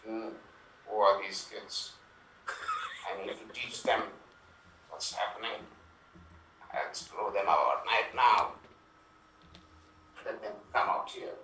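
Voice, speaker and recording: A man's voice: lowish voice, takes it slowly, pauses often, bright, forceful tone. A man improvising a horror movie scene on a video call, narrating his own moves. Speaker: improv performer. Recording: distant echoey mic with faint noise.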